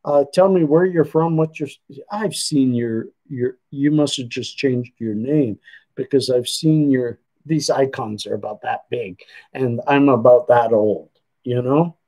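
Speaking from a desk setup at his computer, this Canadian livestream host meanders through viewer comments in a chatty way, often leaving sentences unfinished. His mid-range voice is mellow and a little slow, and the recording is rough.

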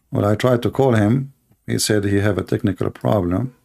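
Middle-aged man, gravelly, emphatic livestream host. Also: lowish voice, a little mellow. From Arab world. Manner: emphatic, repetitive, heated. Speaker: Christian apologist host. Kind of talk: livestream commentary.

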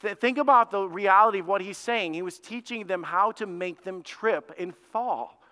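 A male pastor preaching a sermon in an animated, conversational way, turning to question his congregation. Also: high-pitched, normal speed. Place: church sanctuary. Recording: long reverb of a church hall.

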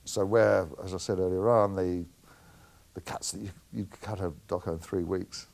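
A middle-aged New man speaks in a low voice with a gravelly edge. He answers interview questions as a film editor, frank and full of anecdotes. He often lets out a chuckle. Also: fairly even intonation, moderate pace, darkish tone.

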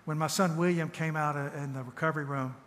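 A man giving a sermon in a church, emphatic, swinging from loud urging to hushed tenderness and repeating his phrases. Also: fairly high pitch, fairly even intonation, fast talker. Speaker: church speaker. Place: church hall. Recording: echoey church hall with long reverb.

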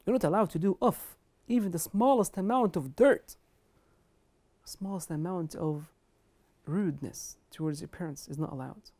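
Woman, religious lecture, emphatic, lowish voice, mellow tone. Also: normal speed. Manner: earnest, emphatic, quotes Arabic scripture and scholars. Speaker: Islamic lecturer. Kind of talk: religious lecture on kindness to parents.

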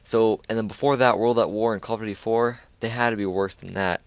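A man's voice: on the low side, steady tone, fairly quick, smooth, dry recording. A man chatting casually over his own gameplay, laid-back and loose, full of dude and like. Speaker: gamer sharing a match.

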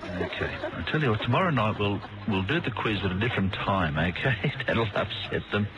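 A middle-aged man with an Australian accent hosting a talkback radio quiz, dry, brisk and exasperated with callers. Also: lowish voice, lively intonation, muffled recording. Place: radio studio. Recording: noisy radio broadcast.

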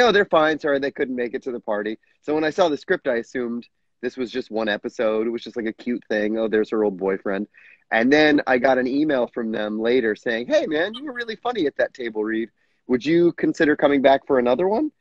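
A man's voice: medium pitch, animated, fast talker, no room sound. Man, middle-aged, chatty storyteller, laughs often, muffled lo-fi, dry. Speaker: guest actor. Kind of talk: casual interview chat. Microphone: video call.

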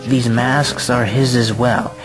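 A man voicing a thin, pale hotel keeper with a formal, businesslike way of talking, over clear background music. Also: medium pitch, level tone, slow pace, lightly acted. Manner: businesslike, polite and precise.

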